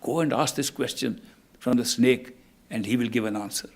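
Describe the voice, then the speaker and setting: A man voicing a calm, kindly male creator god who patiently gives instructions, in a gravelly, husky voice. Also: medium pitch, normal speed. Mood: instructing.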